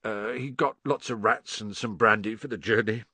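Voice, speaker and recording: A man voicing a big, soft-hearted giant of a gamekeeper who talks in a puffing, gruff and tearful way. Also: fairly low pitch, moderate pace, no room sound. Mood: muffled.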